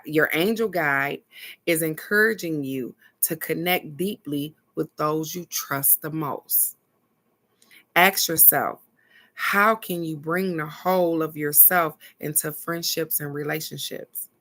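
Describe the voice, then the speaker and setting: A woman hosts a casual live card reading and talks straight to her viewers. Her voice sits low but has a bright, sharp edge. She speaks at an unhurried pace, laughs often and reads the card texts aloud slowly. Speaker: oracle card reader hosting a live stream.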